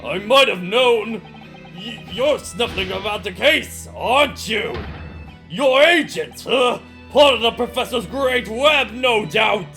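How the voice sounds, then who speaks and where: A man puts on a furious prison governor who roars threats at visitors. The voice is pushed high and very loud, with background game music playing. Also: very animated, unhurried, full character voice. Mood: bellowing. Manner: shouting, threatening. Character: hostile bellowing middle-aged male prison governor.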